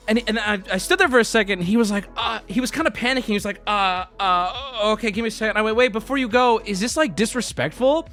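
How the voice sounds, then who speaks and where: Man, streamer, high voice, very animated pitch, faint music behind, casual storytelling. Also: fast. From United States. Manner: lively, swings into high squeaky voices when quoting people.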